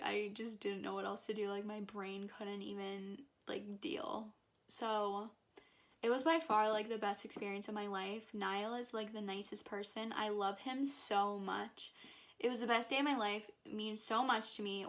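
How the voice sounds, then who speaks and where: A woman's voice: on the high side, a bit bright. A young woman vlogger gushing through a personal story, packing her talk with "like" and fillers. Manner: gushing, filler-heavy with constant "like". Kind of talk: excited personal story vlog.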